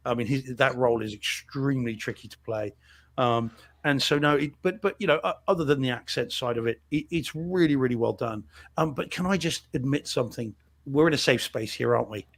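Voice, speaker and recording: A man's voice: mid-range voice, fairly quick, vocal fry, fairly bright tone. A man co-hosting a home theater show, chatting casually about a film with lots of fillers and restarts. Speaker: podcast co-host reviewing films. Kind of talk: casual chat.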